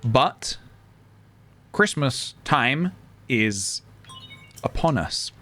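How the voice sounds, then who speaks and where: A man streaming a game live, talking in a wry, deliberate way and choosing his words carefully. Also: medium pitch, sing-song, bright, forceful tone, soft background music.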